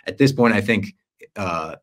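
This young man co-hosts a laid-back podcast, telling the story of a series at length and performing quoted lines with animation. His pitch is fairly low and his delivery a little slow.

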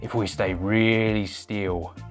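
A woman doing a jokey impression of a bearded Australian male artist, with a put-on Australian accent and a deep, exaggerated drawl. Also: fairly even intonation, slow pace, soft background music. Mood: mock-serious. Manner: jokey bush-adventurer bravado.

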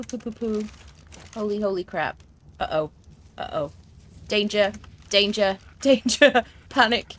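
A young woman streaming a video game, chatting excitably to the creatures and her viewers as she plays. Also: on the high side. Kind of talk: let's play commentary. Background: faint game music.

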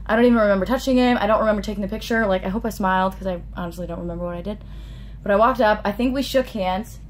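A young woman vlogger, a little tipsy, excitedly retelling a story to camera with lots of fillers. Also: medium pitch, very fast, a little hiss or hum.

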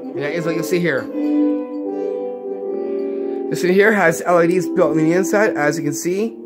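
A man's voice: a little high, normal speed. A man hosting a casual magic tutorial, rambling along and often repeating phrases. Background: faint Christmas music.

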